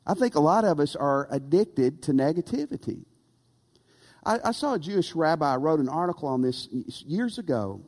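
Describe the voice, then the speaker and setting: Animated preacher in an echoing church. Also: male voice, fairly high pitch, moderate pace. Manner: animated, rhetorical, calls for amen. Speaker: pastor. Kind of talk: sermon. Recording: long reverb of a church hall.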